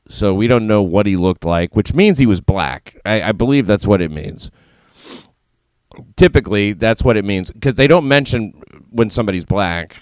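A man hosting a podcast in casual chat, delivering commentary in a dry, sardonic deadpan. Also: fairly low pitch, clear, resonant tone, dry recording. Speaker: podcast host.

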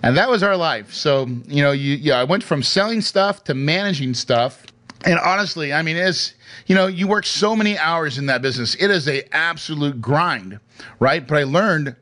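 A man's voice: medium pitch, a bit bright. Man with a mid-range voice, chatty storyteller who checks in with the listener a lot. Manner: chatty, hesitant restarts, asks "right?" often. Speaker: speaker sharing his career story. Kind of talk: casual personal storytelling.

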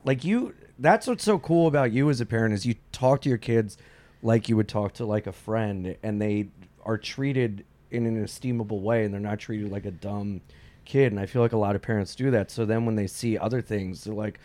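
A man's voice: fairly low pitch, normal speed, mellow, no echo. A man giving emphatic, opinionated views in a casual podcast chat, swearing freely. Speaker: podcast co-host.

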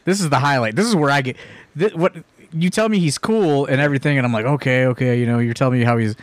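A man's voice: mid-range voice, quick pace, dry recording. A man in casual podcast chat, chiming in and swearing freely. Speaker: podcast co-host.

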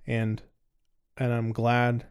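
A man's voice: medium pitch, completely flat delivery, very slow, clean tone. A man hosting a podcast and telling a personal story in a candid, casual way. He swears freely and repeats words as he restarts. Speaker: podcast host. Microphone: recording on two cameras.

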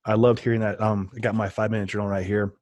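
A man's voice: fairly low pitch, flat delivery, fast talker, a little mellow, no room sound. A man telling stories with enthusiasm in a casual podcast chat. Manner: enthusiastic, rambling storyteller.

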